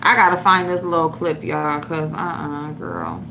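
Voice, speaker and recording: Hosting an online show, a woman rants and mocks someone with heavy profanity while hunting for a clip to show her viewers. Her low voice is very animated, a little slow, pushed and bright, with slight background noise. It's trash-talking livestream commentary.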